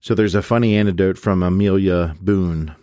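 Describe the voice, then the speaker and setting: A man's voice: deep voice, moderate pace, no room sound, clean studio sound. A man giving a casual spoken summary of a book, reading out quotes and marking them with "quote" and "unquote". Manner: relaxed, with frequent fillers and restarts. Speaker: book reviewer.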